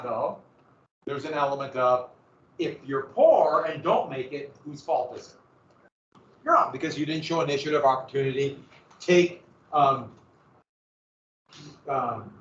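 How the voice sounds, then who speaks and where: A man's voice: fairly high pitch, a bit bright. A man teaching a history lesson in a conversational way, asking rhetorical questions and correcting himself as he goes. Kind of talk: classroom lecture. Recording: roomy, dull lo-fi classroom recording.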